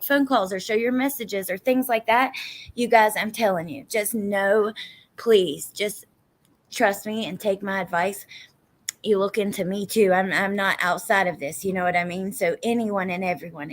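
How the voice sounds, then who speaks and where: A woman with a Southern US accent chatting casually on a livestream, reading viewer comments and swearing emphatically now and then. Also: mid-range voice. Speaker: true crime livestream host.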